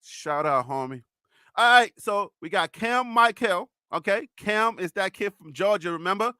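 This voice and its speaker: A man hosting a live sports stream, teasing chat viewers with loud, playful talk. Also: high-pitched, animated, normal speed, clean tone, dry recording, clean studio sound. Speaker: live sports show host.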